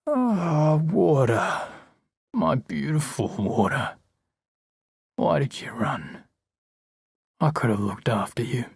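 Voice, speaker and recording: A man voicing a menacing, husky-voiced villain. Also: mid-range voice, sing-song, slow, pauses often, no echo, clean studio sound, full character voice. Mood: tender. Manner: hard, angry, threatening. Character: menacing male villain leader, grown man.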